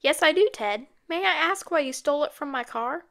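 A woman's voice: sits high, animated, fairly quick, a bit bright, voice pushed up. Woman voicing an eager young girl detective. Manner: eager, well-spoken and polite. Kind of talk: audiobook character voice.

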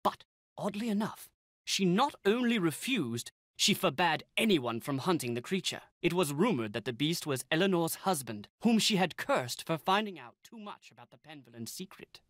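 A man's voice: fairly high pitch, expressive, normal speed, fairly bright tone, no echo. A pompous, lecturing historian from a mystery video game. He speaks. His voice rises and falls a great deal, and the recording is dry and close. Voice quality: formal, lecturing. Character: pompous English male historian, scholarly. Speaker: researcher character.

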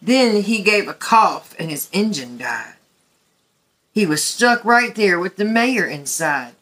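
Slow, bright-voiced woman reading to kids. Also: medium pitch. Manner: gentle, slow and expressive for children. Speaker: children's story reader. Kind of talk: read-aloud story time.

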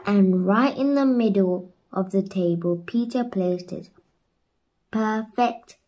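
Slow gentle woman reading a bedtime story. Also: mid-range voice, rough recording.

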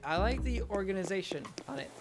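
A man casually commenting as a gaming streamer in an excitable, chatty way, reading and answering chat. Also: sits high, fast. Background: loud music.

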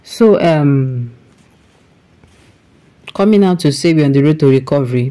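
A woman's voice: sits low, lively intonation, measured pace, long pauses, mellow. A woman with a Nigerian accent, reading a news report and then giving emphatic, exasperated commentary with pidgin phrases.

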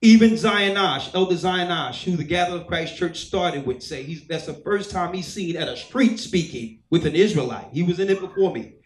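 A man's voice: sits high, normal speed, few pauses, roomy sound, poor audio. A man preaching as a church elder, telling a personal testimony and acting out the voices of people in his story. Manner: storytelling, acts out quoted voices. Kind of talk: sermon testimony.

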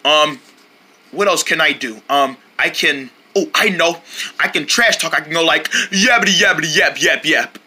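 A boastful, clumsy young male reindeer, put on by a man for a homemade cartoon, muttering his schemes in casual slang. The tone is bright and a little breathy. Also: a little high, normal speed, heavily acted. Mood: scheming.

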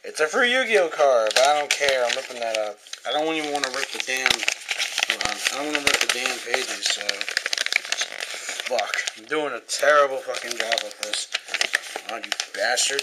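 A man's voice: medium pitch, expressive, moderate pace, very noisy. A young man doing a casual unboxing vlog at home on a camera mic, rambling, swearing often and getting easily frustrated. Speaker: vlogger. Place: indoors at home.

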